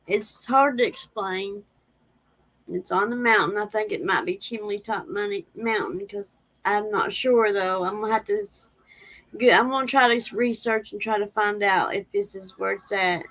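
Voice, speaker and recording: A woman's voice: medium pitch, fairly bright tone, rough recording. A woman, rambling in a casual livestream chat and reading viewer comments aloud. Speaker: livestream host.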